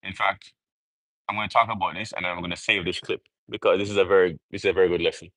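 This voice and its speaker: A young man from Jamaica hosts a casual livestream and holds forth in an emphatic, preachy monologue full of rhetorical questions. His voice sits on the low side. The sound is dry and close, with no room echo. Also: steady tone, fast talker, sharp tone. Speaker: livestream host.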